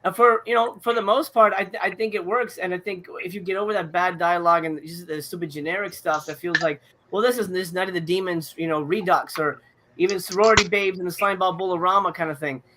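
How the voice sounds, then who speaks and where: A man's voice: high voice, steady tone, fast talker, pushed and bright, slight background noise. A man co-hosting a movie podcast, talking in a rambling, casual way with many fillers and restarts. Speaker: podcast co-host reviewing movies. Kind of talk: casual chat.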